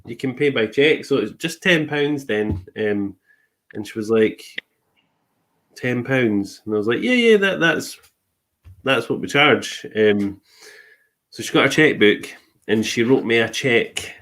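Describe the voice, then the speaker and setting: A man's voice: mid-range voice, measured pace, pauses often, fairly bright tone. A man, a host and medium, telling a story in casual chat and acting out the people he quotes. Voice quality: laughs easily, acts out quoted people.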